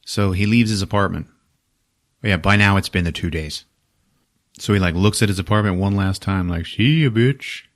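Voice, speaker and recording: This podcast host speaks low and briskly, pausing often as he casually recaps a movie. Animated and foul-mouthed, he peppers everything with "like."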